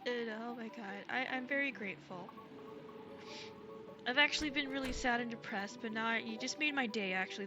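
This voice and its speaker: A woman streamer chats with her viewers in a soft, gushing way, tripping over ums and false starts. Her voice sits a little high and carries a trace of a lingering cold. Music plays clearly behind her. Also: dull audio. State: recovering from a cold. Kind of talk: casual live-stream chat.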